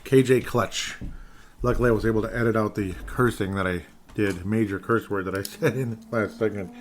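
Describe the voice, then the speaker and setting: A man hosting a solo sports podcast, reading fan messages and ranting in an animated, sarcastic way. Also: lowish voice, a little fast, a little hiss or hum. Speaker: podcast host.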